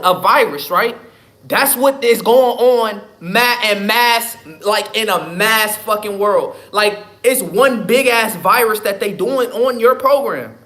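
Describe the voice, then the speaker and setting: A man's voice: high voice, fairly bright tone. A man, talking casually and emphatically on a live stream, profane and repetitive. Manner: emphatic, profane, repeats himself. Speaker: livestream host. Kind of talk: casual livestream talk.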